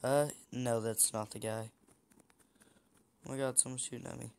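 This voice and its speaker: A young man talks through his game in a loose, chatty way, teasing rivals and tripping over his own words. His voice sits at an ordinary pitch for a man. A faint noise runs under the recording. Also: steady tone, normal speed, a little mellow. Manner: chatty, teasing opponents, frequent restarts. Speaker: gameplay streamer. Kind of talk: casual gameplay commentary.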